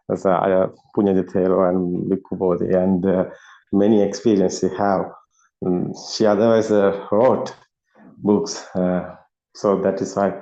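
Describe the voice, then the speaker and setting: Male host, halting delivery, lots of fillers, laughs often; muffled video call sound. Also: low-pitched, dark tone. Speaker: discussion host. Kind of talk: casual video call discussion.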